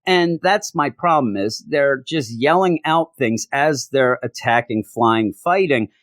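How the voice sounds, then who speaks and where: Lively sarcastic male comic reviewer. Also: mid-range voice, a little slow, no echo, studio quality. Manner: sarcastic, reads out dialogue in mocking voices. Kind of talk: casual video review.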